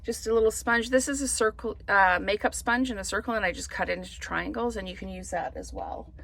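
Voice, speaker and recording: A woman's voice: mid-range voice, fairly quick, vocal fry, fairly bright tone. A woman chatting through a card-making tutorial, thinking aloud as she works. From Canada. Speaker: papercraft demonstrator.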